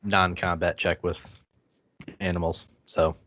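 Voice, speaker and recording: A man's voice: sits low, flat delivery, unhurried, bright, forceful tone, no echo. A man talking as a player at a tabletop game, casual and matter-of-fact. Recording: dull lo-fi dry recording.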